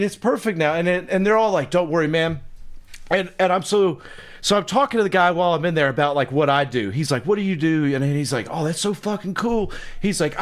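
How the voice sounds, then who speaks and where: A man telling a long, profane story in casual conversation, laughing as he acts out what people said. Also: fairly high pitch. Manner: animated, profane, laughing storyteller acting out quotes.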